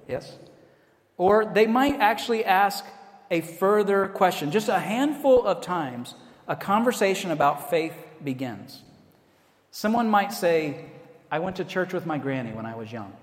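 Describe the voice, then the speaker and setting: An American man delivers a sermon in a relaxed, conversational way, dropping in self-deprecating asides. His voice sits a touch high for a man. The sound carries the long, echoey reverb of a large hall. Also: normal speed. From United States. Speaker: pastor.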